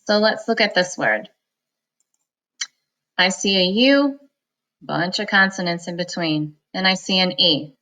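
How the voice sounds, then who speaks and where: A woman teaching a reading lesson, sounding out words slowly, syllable by syllable, for students. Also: lowish voice, lively intonation, bright, forceful tone, rough recording. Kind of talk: phonics lesson.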